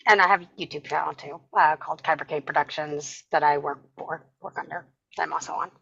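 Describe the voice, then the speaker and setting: A woman's voice: low-pitched, fairly even intonation, quick pace, vocal fry, fairly bright tone, husky, lo-fi sound. A woman from California introducing herself on a video call, breezy and offhand, laughing easily. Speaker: table read participant. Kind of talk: casual self-introduction.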